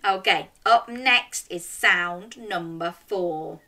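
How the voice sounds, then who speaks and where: A young woman reads a children's story aloud and leads games, addressing little kids in a lively, animated way. Her voice sits fairly low and she speaks slowly.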